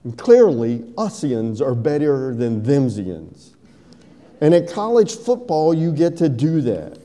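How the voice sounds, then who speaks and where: A man preaching a sermon, telling jokes and then slowing into a solemn delivery. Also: medium pitch, very animated, dark tone. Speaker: pastor. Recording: echoey hall reverb.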